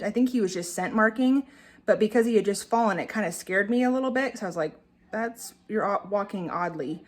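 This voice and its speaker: A woman at a middle pitch recounts her week with her pets in a casual vlog. Her delivery is chatty and meandering. She often stops to restart or correct a phrase before carrying on. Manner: chatty, rambling storytelling with frequent self-corrections. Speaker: pet owner vlogger.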